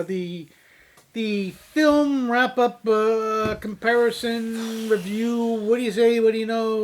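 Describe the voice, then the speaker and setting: A man from Canada co-hosting a casual beer review chat, playful and rambling, steering topics along with little asides. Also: high voice. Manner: playful, rambling, says "anywho" to move on. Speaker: co-host of a beer review show.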